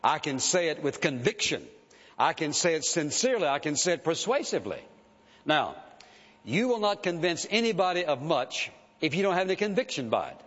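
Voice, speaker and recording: A man's voice: on the high side, big pitch swings, fairly quick, fairly bright tone. A male pastor preaching a sermon with conviction, emphatic and insistent, often urging the listeners to listen. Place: church sanctuary. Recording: dull sound, long hall reverb.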